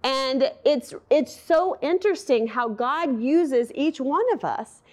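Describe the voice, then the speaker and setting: A woman with a high voice preaches a Bible lesson in a relaxed, conversational way. She is animated and often puts questions to her listeners. She slips into quoted voices as she tells the story. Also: slow. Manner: animated, acts out quotes and asks the audience questions. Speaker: bible teacher. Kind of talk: conversational sermon.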